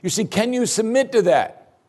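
A man preaching a sermon, asking the listeners one question after another and dropping his voice low and soft at key points. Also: lively intonation, normal speed. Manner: emphatic preaching with rhetorical questions and sudden drops to quiet. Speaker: pastor.

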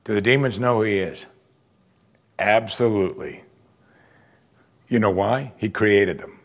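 A man preaching a sermon, teaching through a Bible passage with lively asides and questions to the audience. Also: lowish voice, measured pace, pauses often.

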